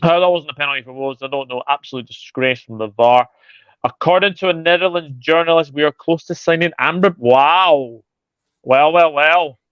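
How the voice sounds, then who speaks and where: A man's voice: a little high, moderate pace, fairly bright tone, smooth, dry recording, muffled recording. A man hosting a football livestream, chatting casually and greeting viewers by name. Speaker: football channel host reading live chat.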